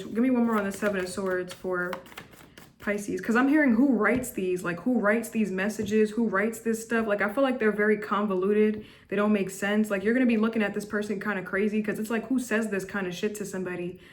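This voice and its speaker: A woman reading tarot cards in a loose, rambling way, circling back on her words and sprinkling in fillers. She turns blunt and judgmental about the people in the cards. A faint hiss sits under her mid-pitched voice. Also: steady tone, a little fast. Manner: chatty, repetitive, with frequent restarts and "like". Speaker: tarot reader. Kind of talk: casual tarot reading to camera.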